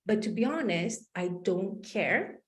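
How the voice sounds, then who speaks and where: Animated woman coach telling a story. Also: mid-range voice, a little slow, reverberant. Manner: animated storyteller acting out dialogue. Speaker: life coach. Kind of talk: motivational storytelling talk.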